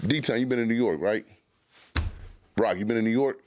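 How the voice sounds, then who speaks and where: A man's voice: on the low side, normal speed, darkish tone. A man co-hosting a podcast in casual banter, telling profane stories with lots of acted-out quotes. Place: podcast studio.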